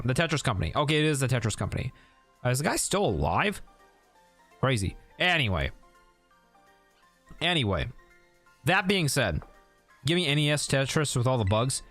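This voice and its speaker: A young man streaming while he plays a game, chatting loosely with viewers, often sidetracked and laughing at his own stories. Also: medium pitch. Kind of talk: casual live-stream chat while gaming.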